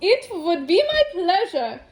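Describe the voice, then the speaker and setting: A woman voicing a high-pitched household computer with a put-on German accent, stiff and overly polite. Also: very animated, slow pace, echoey room, a little hiss or hum, heavily acted.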